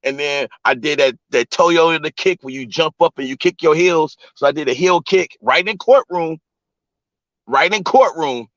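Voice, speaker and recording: A man's voice: on the high side, normal speed, fairly bright tone, no room sound. A man vlogging from a vehicle on his phone, telling stories to his live chat in a loose, profane, talk-straight-to-you way. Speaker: vlogger and live-stream host. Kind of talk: casual storytelling to a live chat. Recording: dull lo-fi phone audio, dry.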